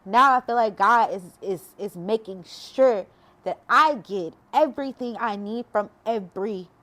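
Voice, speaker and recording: This faith vlogger speaks at a medium pitch, a little slowly, with a somewhat bright tone. Her personal testimony is heartfelt and emotional, and she turns preachy as she goes, calling her viewers "y'all."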